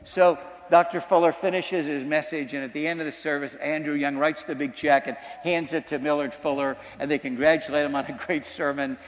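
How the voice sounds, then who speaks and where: A man preaching a sermon, telling a story with dramatic swings from loud to hushed. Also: a little high, fairly even intonation, brisk, hardly any pauses. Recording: long reverb in a large hall.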